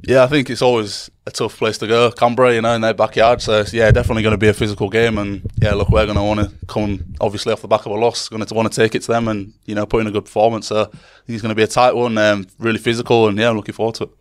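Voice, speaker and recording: A man's voice: fairly low pitch, level tone, no echo. A man with a West Yorkshire accent, a player guest answering questions in a casual interview. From West Yorkshire, England. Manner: quick, easygoing answers.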